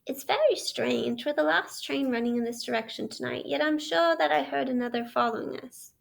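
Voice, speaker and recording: A kindly but stern train engine driver talks in a steady, plainspoken way in a storybook read-aloud, as a woman reads his part. The voice sits fairly high and has a heavy gravelly grain. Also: brisk. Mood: alarmed.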